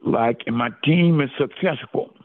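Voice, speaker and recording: A man's voice: mid-range voice, normal speed. An older man, a former football player, telling his story as an interview guest in an emotional way, repeating his words and exclaiming often. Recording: phone-line call audio.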